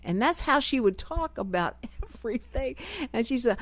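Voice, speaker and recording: This middle-aged woman hosts a radio talk show, her voice on the high side and her pace normal. Unfiltered and expressive, she performs the quoted voices in her casual studio chat, and the recording is dry.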